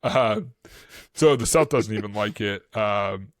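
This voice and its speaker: This Boston-accented man's voice sits on the low side, and he keeps a measured pace while co-hosting a history podcast. Casual and rambling, he fills his explanations with fillers and restarts, growing animated when quoting. The audio is studio quality, free of room sound.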